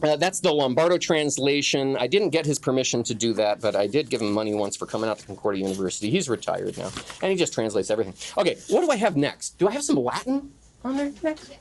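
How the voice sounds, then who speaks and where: A man's voice: medium pitch, sing-song, fast talker. A middle-aged man teaching a conference session on Latin poetry, joking with the room and chanting the beats of the meter aloud. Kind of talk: lively classroom lecture. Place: conference classroom.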